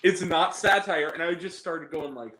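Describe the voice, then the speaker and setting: A man giving a casual film review, animated, laughing often and acting out scenes in lively quoted voices. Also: a little high, normal speed. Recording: echoey room with faint noise.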